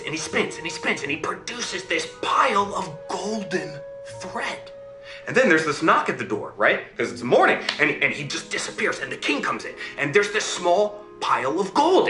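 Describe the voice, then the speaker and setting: A man telling a fairy tale to listeners in an animated way, often checking in with them as he goes. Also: on the high side, echoey room. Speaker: storyteller.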